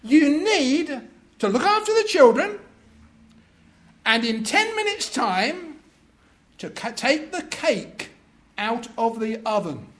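A brisk, knowing wife with a high, lively voice, as a male preacher puts her on. She talks with calm, slightly superior assurance, her tone swinging up and down. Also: full character voice.

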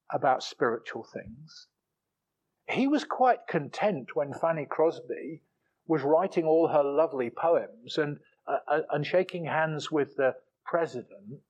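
The recording's highs are cut off as a man preaches a sermon. He is emphatic throughout, alternating between forceful high points and quiet asides, and he frequently restarts phrases by repeating words.

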